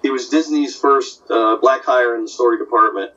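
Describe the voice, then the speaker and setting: A man who works as an animation story artist, chatting casually and telling animated anecdotes. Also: mid-range voice, normal speed, faint music behind. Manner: animated storyteller, slips into character voices. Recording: distant, dull lo-fi audio.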